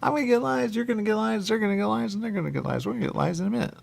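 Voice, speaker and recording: A man voicing a boastful, silly male Martian who loves lies, in a high squeaky put-on voice. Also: sing-song, a little slow, gravelly, exaggerated voice. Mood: gleeful.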